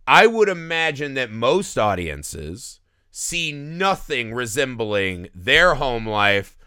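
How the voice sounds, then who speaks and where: A man's voice: medium pitch, clean tone, dry recording, studio quality. A man hosting a podcast, talking casually and animatedly about a horror film, often tagging his points with "right?". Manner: animated, tags lines with "right?". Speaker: podcast host.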